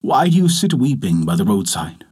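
A man's voice: lowish voice, sing-song, moderate pace, a little mellow, husky. A man voicing a kind wandering ballad singer in a told folktale, easygoing and half-chanting his song. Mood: kindly.

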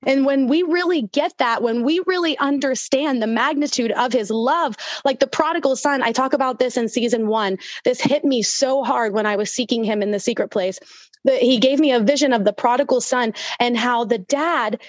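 Woman guest, high-pitched, dry close-miked sound, fervent emotional testimony. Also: no echo. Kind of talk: podcast interview.

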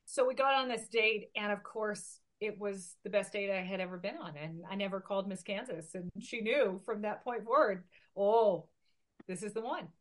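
A woman in her forties from Oregon, telling a personal story in a lively, animated way during a casual interview. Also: mid-range voice, moderate pace, hardly any pauses. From Oregon, USA. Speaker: interview guest.

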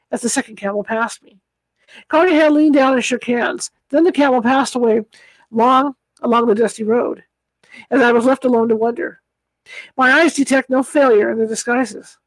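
A woman's voice: a little high, dry recording, poor audio. Woman reading a story aloud, dry sound. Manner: measured storytelling. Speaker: audiobook reader. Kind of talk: audiobook reading.

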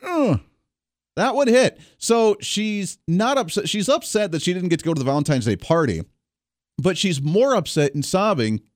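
A man in his thirties hosting a talk show, telling a family story and giving opinions in an animated, indignant way. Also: a little high, no room sound, studio quality. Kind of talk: opinionated monologue.

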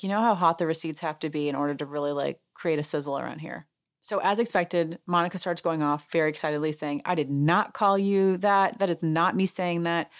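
A woman hosting a podcast, recapping reality TV in casual chat and acting out quotes with lively jumps in her voice. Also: fairly low pitch. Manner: chatty, reenacts quotes with animated voice jumps. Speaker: podcast host.

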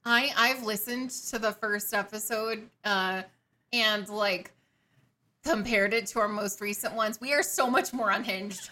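A woman co-hosting a podcast, talking excitedly with lots of giggles and swearing. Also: mid-range voice, measured pace, background noise. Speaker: podcast co-host. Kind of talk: casual chat.

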